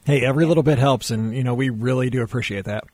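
A man's voice: mid-range voice, fast, darkish tone, no room sound. A man hosting a live show, taking calls in an upbeat, friendly way. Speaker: host.

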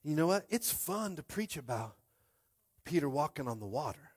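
Man, young adult, pastor, sermon, conversational, call-and-response, slightly high pitch. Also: big pitch swings, moderate pace, darkish tone, slightly rough.

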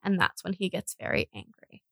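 A woman's voice: fairly low pitch, big pitch swings, fairly quick, creaky. A woman hosting a casual true crime podcast, telling the case and laughing often at the grim details.

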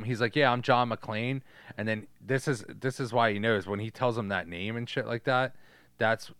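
A man co-hosting a podcast, chatting loosely about a movie, swearing freely and slipping into quick impressions. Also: lowish voice, a bit bright, no room sound. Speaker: podcast co-host. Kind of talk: casual movie chat.

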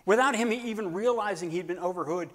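A man preacher telling a story in a sermon, animated and acting out scenes, swinging between loud and hushed delivery. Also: sits high, fairly quick. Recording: long hall reverb.

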